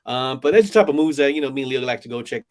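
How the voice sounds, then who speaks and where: A man co-hosting a podcast in casual chat, laid-back and hesitant, pausing often. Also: medium pitch, a little mellow. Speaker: podcast co-host.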